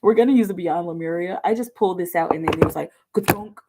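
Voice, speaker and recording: A woman with a tired, bass-heavy voice, rambling chattily with many fillers as she gives a live online tarot reading. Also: quick pace, background noise. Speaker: tarot reader.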